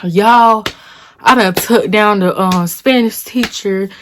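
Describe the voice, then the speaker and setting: A woman in her twenties tells a dramatic story straight to her viewers. She talks in a casual, animated way and uses a lot of slang. Her voice sits in a middle range. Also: medium pitch, slow pace, slight background noise. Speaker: vlogger.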